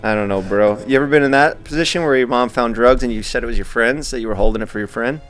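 A man's voice: mid-range voice, fast talker, a bit bright, soft background music. A man in his thirties co-hosting a podcast, telling stories in a laid-back, slangy way. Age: 30s. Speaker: podcast co-host. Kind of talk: casual chat.

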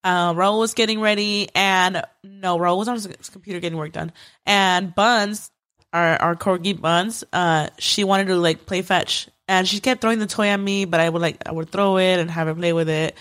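With a lowish voice and a moderate pace, a young woman co-hosting a podcast tells a story in easygoing conversation. The telling is animated, heavy on fillers, and she curses freely.

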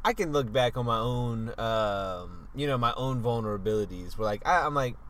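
A man's voice: medium pitch, lively intonation, moderate pace, a bit bright. A man chatting on a podcast, rambling with lots of fillers and restarts. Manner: rambling, full of "like" and "you know", restarts. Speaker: podcast co-host. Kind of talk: casual chat.

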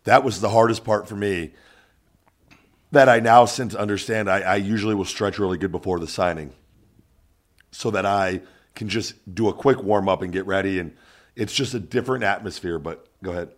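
A man with a low-pitched voice hosts a casual podcast chat. He is blunt and joking, and he swears and reacts quickly. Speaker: podcast host and wrestler.

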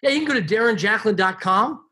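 A man speaking as an interview guest, telling stories about his life in an animated, emphatic way. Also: high voice, fast talker, slightly rough. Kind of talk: casual storytelling.

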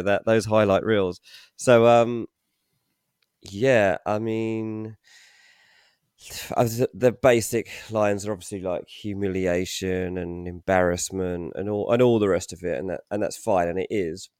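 A man co-hosting a football podcast as transfer pundit, analytical and hesitant, with many pauses and restarts. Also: lowish voice, steady tone, a little mellow, clean tone, dry recording, clean studio sound. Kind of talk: casual football podcast chat.

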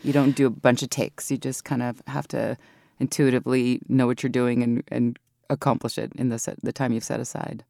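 A woman's voice: extremely low pitch, level tone, brisk, vocal fry, mellow, no echo. A woman audiobook narrator talking in an interview, explaining her craft thoughtfully and laughing easily, speaking from her recording booth at a studio mic. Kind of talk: interview conversation. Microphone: studio microphone.

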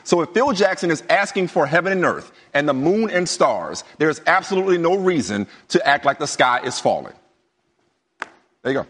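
A man co-hosting a sports talk show, arguing his point in a playful, teasing way with slow, stretched-out emphasis. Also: on the high side, big pitch swings, a bit bright, slightly rough, long reverb tail. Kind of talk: lively studio sports debate.

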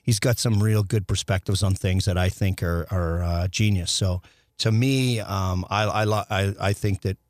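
A man's voice: deep voice, fairly even intonation, moderate pace, no room sound, studio quality. A middle-aged man, a former hockey player, telling long stories in a casual chat, restarting sentences often and acting out dialogue. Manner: rambling with many restarts, acts out quoted dialogue.

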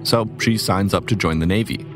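A man from Minnesota with a Minnesotan accent, hosting a crime podcast, narrating from a script and interviewing a guest in a measured, even way. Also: low-pitched, music in the background. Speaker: podcast host.

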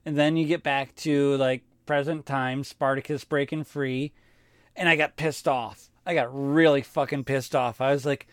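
A man's voice: mid-range voice, steady tone, moderate pace, smooth, no echo, studio quality. A man co-hosting a podcast, chatting casually and rambling through stories with plenty of swearing. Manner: rambling, swears freely when telling stories. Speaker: podcast co-host. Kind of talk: casual chat.

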